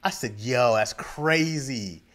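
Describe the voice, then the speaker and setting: Animated male podcast storyteller. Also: mid-range voice, slow pace. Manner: animated storyteller, acts out quoted lines, laughs often. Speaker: podcast co-host. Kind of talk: casual storytelling chat.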